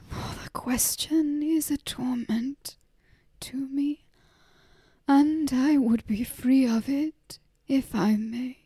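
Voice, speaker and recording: A woman's voice: fairly high pitch, no room sound. Weary, pleading grieving mother, read by a woman. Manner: soft, pleading, half-whispered.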